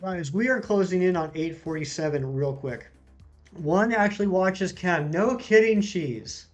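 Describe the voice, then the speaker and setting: Young male streamer with a higher-than-average voice, relaxed chatter, reads chat and banters, faint music behind. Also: a little slow. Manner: chatty, reads viewer comments aloud and banters. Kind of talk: casual live-stream chat.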